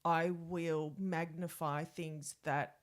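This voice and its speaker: Rambling Australian woman, lowish voice. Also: little pitch movement, takes it slowly. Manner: rambling, self-reflective anecdotes. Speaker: podcast co-host. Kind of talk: casual chat.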